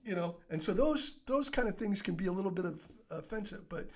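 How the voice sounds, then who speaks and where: Man, middle-aged, slightly high voice, animated storyteller, interview guest. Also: a little fast, vocal fry. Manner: animated, laughs often, many fillers and restarts. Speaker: podcast guest, author.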